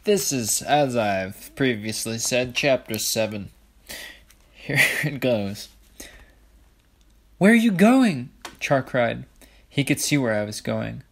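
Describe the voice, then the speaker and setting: A man's voice: mid-range voice, slow, gravelly. A man casually reading a novel aloud, with offhand, jokey asides. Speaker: audiobook reader.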